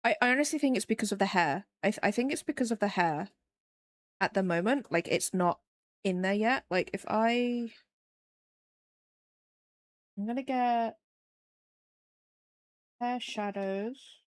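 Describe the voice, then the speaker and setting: A woman's voice: medium pitch, a little slow, long pauses. A woman streamer chatting casually with her viewers while she paints, rambling along with lots of fillers. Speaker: streamer and digital artist.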